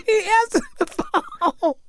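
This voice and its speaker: A man chatting as a podcast guest, telling stories in an animated way and laughing often. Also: extremely high pitch, takes it slowly, no room sound, studio quality. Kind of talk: casual podcast chat.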